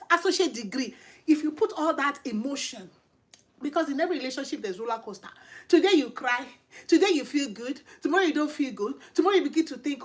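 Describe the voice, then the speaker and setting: A woman with a Nigerian accent delivers an informal sermon with a high voice. She is middle-aged, emphatic and animated, hammering her points with repeated rhetorical questions. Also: fairly quick. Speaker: channel host and lay preacher. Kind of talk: informal preaching to camera.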